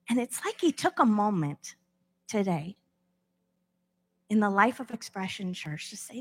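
A woman's voice: mid-range voice, sing-song, a little slow, long pauses, a bit bright, breathy edge. A woman pastor preaching a sermon from a church stage, impassioned, acting out inner voices with big swings in tone.

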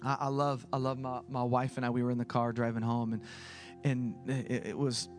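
A man's voice: mid-range voice, level tone, normal speed, faint music behind. A man preaching with emphatic, building repeated phrases, shifting into chatty storytelling. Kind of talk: impassioned preaching.

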